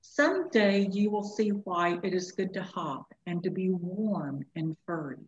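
A woman voicing a great silver male wolf who speaks slowly, deliberately and gently. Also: lowish voice, natural voice. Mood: gentle. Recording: echoey room, dull lo-fi sound.

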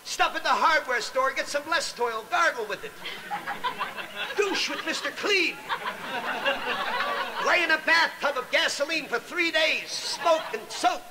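A man's voice: very high voice, expressive, a little slow, long pauses, a loud crowd, very noisy, voice pushed up. A man doing a blunt scolding doctor. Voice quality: lecturing rant. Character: exasperated blunt male doctor.

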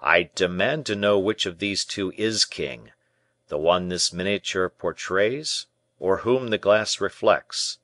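Scheming bishop, low and commanding, measured, voiced by a male reader in an audiobook. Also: fairly bright tone, dry recording. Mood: insistent. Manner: measured, insistent.

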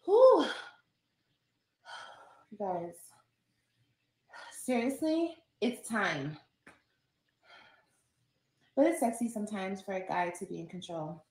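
A woman's voice: mid-range voice, sing-song, slow pace, pauses often, darkish tone, reverberant, rough recording. A woman from Los Angeles vlogging, talking candidly and rambling straight to her viewers. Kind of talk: chatty vlog talking to viewers.

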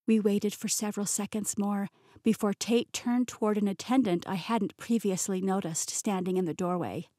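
A woman narrating a fantasy audiobook in the first person with smooth, even pacing. Her voice sits in a middle range, recorded close and dry in a studio with no room sound. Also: mid-range voice, normal speed, dry recording. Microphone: close studio mic.

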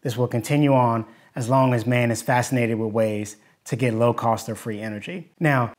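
A man teaching in a video lesson, plainspoken and skeptical as he picks apart hoaxes. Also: mid-range voice. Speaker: engineering YouTuber.

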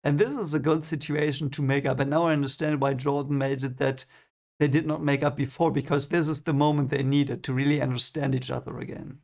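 A man's voice: fairly high pitch, steady tone, a little fast, creaky, darkish tone. A young man giving first-time read-along commentary on a book, hesitant and repeating his words, often chuckling. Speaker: book reader reacting.

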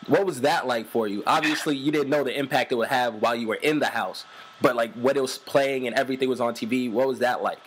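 A man's voice: mid-range voice, fast talker, husky, low-quality recording. A man hosting a one-on-one interview, asking questions conversationally with lots of "like" fillers. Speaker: interviewer, host.

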